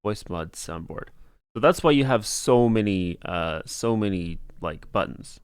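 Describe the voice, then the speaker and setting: A man's voice: fairly low pitch, animated, unhurried, smooth, no echo. Chatty young man hosting a stream. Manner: rambling, laughs often, playful. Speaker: podcast host. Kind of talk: casual livestream chat.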